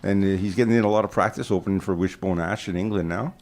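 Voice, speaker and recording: A Canadian-accented man hosts a laid-back radio chat from the studio. His voice sits low, and he talks in an easy, rambling way with frequent fillers. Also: fast. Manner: relaxed, chatty, laughs easily. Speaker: radio show host. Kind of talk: casual radio interview.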